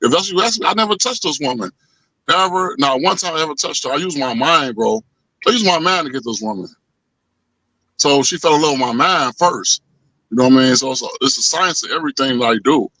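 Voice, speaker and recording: A man telling a story in casual chat, animated and profane, acting out the voices of the people in it. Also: fairly high pitch, fairly quick, dry recording, rough recording. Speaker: podcast co-host.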